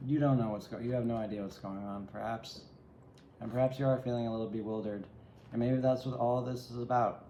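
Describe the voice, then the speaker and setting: Speaking a little fast in a steady, mellow mid-range voice, this tarot reader works through a solo reading, reflective and addressed straight to the viewer. Faint ambient noise sits in an echoey room.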